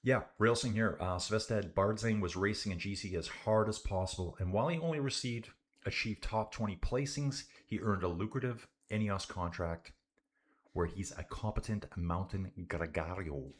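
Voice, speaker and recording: At a moderate pace, a young man with a lowish voice calls a bike race live for his stream. He stays loose and chatty, following the riders, reading comments aloud, and addressing viewers as "guys" and "dude."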